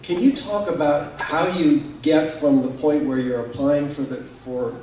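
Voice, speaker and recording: A man's voice: fairly high pitch, steady tone, measured pace, mellow, a little hiss or hum. A man in the audience earnestly asking a long, rambling question at a panel. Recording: echoey hall picked up from far off.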